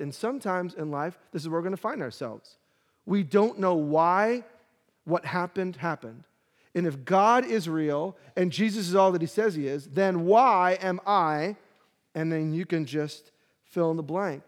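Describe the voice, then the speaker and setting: Pastor, male, high voice, emphatic scripture reading, conversational asides, big echoing hall. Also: animated, unhurried. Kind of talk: sermon.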